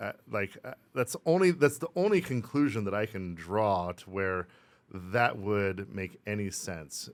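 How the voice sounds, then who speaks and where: A man co-hosting a casual podcast discussion, talking in a rambling way and arguing the other side. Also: sits low. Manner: rambling, playing devil's advocate. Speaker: podcast co-host.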